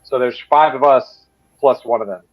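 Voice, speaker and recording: A man's voice: mid-range voice, moderate pace, no echo, muffled recording. A man playing a tabletop game, joking around and stammering over the rules. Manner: jokey, panicky outbursts, stammers on rules. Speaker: player. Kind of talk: casual tabletop game play.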